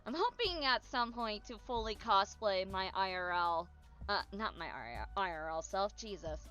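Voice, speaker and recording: A woman's voice: mid-range voice, measured pace, sharp tone, faint music behind. A woman chatting casually on a stream as a VTuber, bubbly and chatty but tired and yawning.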